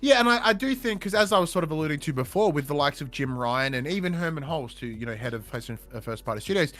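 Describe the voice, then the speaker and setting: A man hosting a podcast in casual chat, animated and emphatic, swearing offhand. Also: fairly high pitch, fast. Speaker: podcast host.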